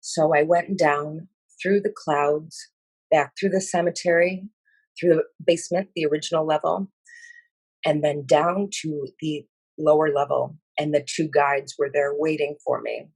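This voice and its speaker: A breathy, husky woman tells of a vision in a slow, halting way, pausing often with fillers. Her tone is earnest and emotional. The sound is dry and close, with no room echo. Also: low-pitched, steady tone, darkish tone. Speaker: speaker sharing a spiritual vision. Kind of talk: personal account of a vision.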